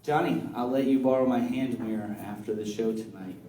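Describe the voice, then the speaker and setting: A stand-up comedian in a comedy club room trades dry, self-deprecating banter with the crowd during his set. His mid-range voice is a little fast and dark-toned, with fairly even intonation. The roomy club sound is captured from far off, with a little hiss or hum.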